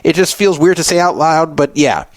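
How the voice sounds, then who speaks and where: A flat, matter-of-fact young woman, as a man puts her on while telling a story, speaking a little higher than his usual voice. She sounds businesslike and blunt. The recording is dry and close. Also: moderate pace, no echo, close to an everyday voice. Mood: sheepish.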